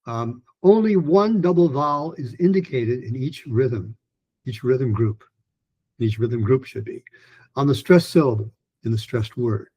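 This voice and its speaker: A man teaching a pronunciation lesson in a loose, rambling way, with many restarts, fillers and slowly modeled phrases. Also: mid-range voice, warm tone, husky, dull audio. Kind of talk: recorded lesson talk.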